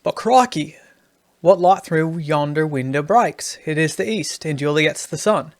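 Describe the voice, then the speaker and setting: A brash, slangy Australian-accented Juliet, performed by a man. The voice is slightly high-pitched with a gravelly rasp. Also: lively intonation, a little slow. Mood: breezy. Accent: Australian, put on.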